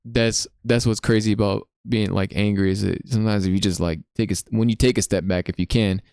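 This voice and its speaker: A young man hosting a podcast, telling stories in a casual, slangy, animated way. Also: lowish voice, fairly quick, gravelly, smooth, dry recording, studio quality. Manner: slangy, animated storytelling with lots of "bro". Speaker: podcast host. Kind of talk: casual chat.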